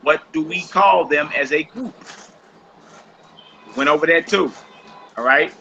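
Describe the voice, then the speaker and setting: A man's voice: a little high, unhurried, creaky, sharp tone, a little hiss or hum. A man teaching a language class, patiently going over homework and repeating each instruction. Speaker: Hebrew teacher. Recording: dull lo-fi recording.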